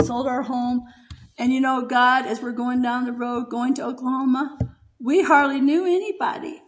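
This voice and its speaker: Older female preacher, high voice, emotional testimony delivery with frequent laughter. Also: low-quality recording. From United States. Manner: emotional, laughs often while speaking. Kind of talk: heartfelt sermon testimony.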